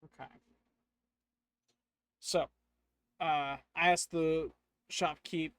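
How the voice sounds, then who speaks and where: A man's voice: mid-range voice, steady tone, a little slow, pauses often, no echo. Man musing through a solo tabletop game. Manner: musing, thinking aloud. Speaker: solo tabletop player and narrator.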